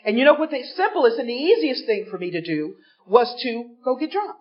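Captured on a dull lo-fi recording, a woman at a recovery workshop recounts her story to a live crowd, speaking a little high and fairly quickly. She stays animated throughout, voicing the other people in her tale.

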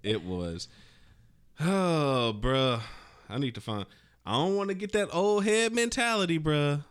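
A man's voice: fairly high pitch, animated, unhurried, clear, resonant tone. Laid-back slangy man chatting about movies. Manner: laid-back, slangy, trails off mid-thought. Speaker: podcast co-host. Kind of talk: casual movie-review chat.

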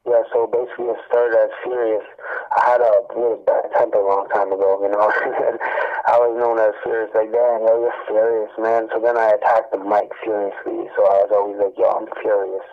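Slangy rapper on a tinny line. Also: male voice, fairly low pitch, fairly quick. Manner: relaxed, slangy, says "man" a lot. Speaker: rapper, interview guest. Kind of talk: casual interview talk.

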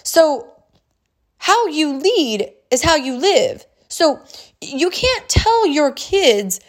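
A woman's voice: high-pitched, extremely slow. Woman coach in her thirties, upbeat motivational storyteller, voice swinging widely up and down. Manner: energetic storytelling, often laughing. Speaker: life coach. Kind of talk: motivational talk to camera.

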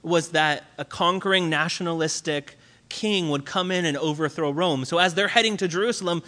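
A man preaching a sermon in a relaxed, conversational way, full of fillers and restarts. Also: a little high, normal speed. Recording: long hall reverb.

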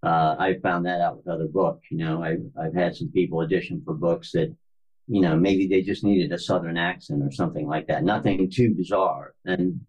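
A male author from Florida talking as a podcast guest, speaking haltingly with many fillers and restarts. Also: deep voice, steady tone, a little mellow, slightly rough, low-quality recording. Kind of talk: conversational interview.

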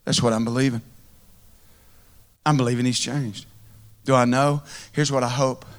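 A man's voice: mid-range voice, fairly even intonation, normal speed. A man preaching a heartfelt, conversational sermon to a congregation in church. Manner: earnest, heartfelt, conversational with repeated phrases. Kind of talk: storytelling sermon.

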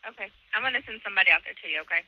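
A woman's voice: mid-range voice, lively intonation, very fast, dry recording. A woman working as an emergency dispatcher on a phone call, giving short, repetitive instructions. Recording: dull phone line.

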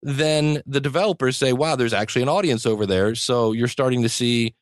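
A man's voice: mid-range voice, a little fast, dry recording, studio quality. Enthusiastic man, rambling guest. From United States. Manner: rambling and enthusiastic, many restarts and chuckles. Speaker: podcasting teacher, guest. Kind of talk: conversational interview.

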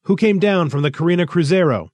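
An earnest, harried agent whose raised voice presses with urgency and bitter frustration, as a male narrator puts him on. The delivery is lively and anxious in a dry, close recording of a read-aloud story. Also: fairly high pitch, moderate pace, dry recording, voice pushed up.

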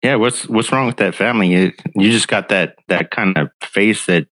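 A man's voice: fairly low pitch, normal speed, a bit bright, no echo. A man guesting on a friend's podcast, earnest and upbeat, joking as he talks. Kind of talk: casual podcast chat.

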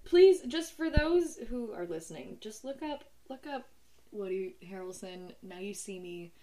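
A young woman co-hosting a podcast, chatting casually about movies with animated storytelling and frequent laughter. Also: mid-range voice, a little slow. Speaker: podcast co-host. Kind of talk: casual movie-review chat.

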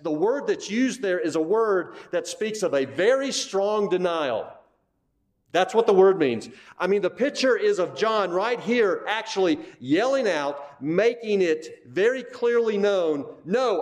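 Male pastor, bit higher pitch, emphatic teaching tone, rhetorical questions. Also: animated, measured pace. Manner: emphatic, repeats key phrases, asks the listeners questions. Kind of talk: expository Bible teaching.

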